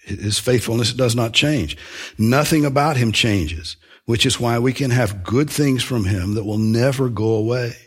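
A man preaching a sermon in an earnest, emphatic way, slowing down to stress key phrases. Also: medium pitch, slightly rough.

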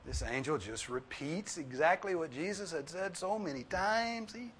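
A man preaching a sermon, earnest and pleading, repeating his points for emphasis and swinging from soft, low tones to loud, high ones. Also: animated, moderate pace, slight background noise. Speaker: pastor.

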